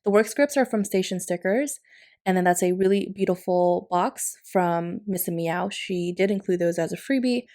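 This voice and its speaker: A woman's voice: mid-range voice, moderate pace. A woman narrating a planner-decorating vlog in a chatty, casual voiceover, often laughing lightly. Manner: chatty, warm-hearted, with frequent laughs. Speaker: planner vlogger. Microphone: recorded voiceover.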